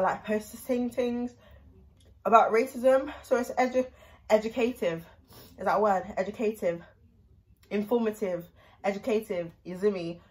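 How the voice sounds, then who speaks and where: A young woman hosting a casual music reaction vlog, chatty and excitable, rambling between laughs. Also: mid-range voice. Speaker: reaction video host.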